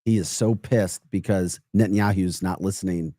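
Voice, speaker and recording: A man co-hosting a casual political podcast, with a low, mellow voice. He talks in an upbeat, animated way and laughs often. The sound is close and dry. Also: normal speed, dry recording. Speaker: podcast co-host.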